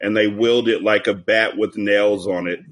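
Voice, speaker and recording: A man's voice: lowish voice, fairly even intonation, moderate pace. A man as a podcast guest, telling stories and jokes in a profane casual chat over a video call. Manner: joking, profane storytelling.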